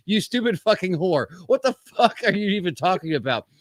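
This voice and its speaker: A podcast host on a live-stream commentary show reads quotes and interrupts them with sarcastic jabs and a mocking, profane rant. His voice sits high with big pitch swings, moving fairly quickly on a dry recording.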